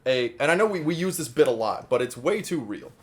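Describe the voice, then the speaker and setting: A young man co-hosting a casual, joking podcast chat, animated and quick to swear. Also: medium pitch. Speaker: podcast co-host.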